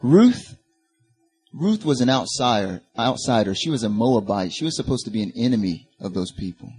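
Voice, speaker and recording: Husky-voiced man preaching with rising passion. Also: mid-range voice, lively intonation, moderate pace, a little mellow. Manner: impassioned, rising to emphatic peaks, with asides to the congregation. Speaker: pastor. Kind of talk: sermon.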